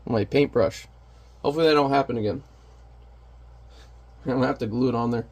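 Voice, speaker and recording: A man's voice: medium pitch, fairly quick. A man who is a parent, chatting casually and candidly while painting on camera, rambling and self-deprecating. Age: adult parent.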